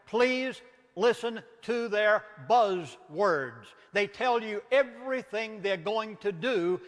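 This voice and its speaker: A man's voice: high-pitched, a bit bright, long reverb tail. A man with a Southern US accent, a minister giving an impassioned lecture in an emphatic, preacherly manner, full of rhetorical questions.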